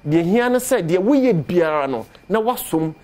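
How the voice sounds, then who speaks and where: Persuasive Ghanaian man pitching herbal medicine. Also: animated, normal speed, a little mellow. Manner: persuasive, repeats product pitch. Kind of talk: promotional talk on TV show.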